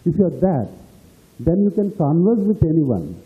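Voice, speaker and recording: A man with an Indian English accent speaks to students in a motivational talk, telling stories and playing out both sides of the conversation. His voice sits somewhat high. The sound is thin and tinny, like it's coming down a phone line. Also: big pitch swings, moderate pace. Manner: storytelling, acts out dialogue in anecdotes. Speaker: speaker at a university celebration.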